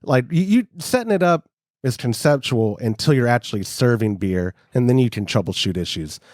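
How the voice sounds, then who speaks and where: A man's voice: mid-range voice, animated, normal speed, darkish tone, no echo, studio quality. A man, co-hosting a homebrewing podcast in casual, rambling, self-mocking chat. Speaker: podcast co-host.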